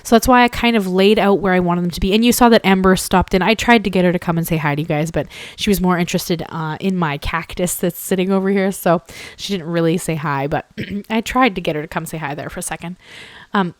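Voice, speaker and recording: A young woman hosting a card-making tutorial in a rambling, chatty voice-over, a little hoarse from a cold and often clearing her throat. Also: lowish voice, fast, no echo. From Canada.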